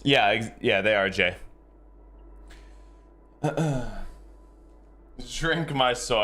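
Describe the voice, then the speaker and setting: A man's voice: on the low side, lively intonation, very slow, pauses often, bright, forceful tone, faint music behind. A game streamer, a man, chatting casually with his live viewers in a rambling, easygoing way and chuckling often.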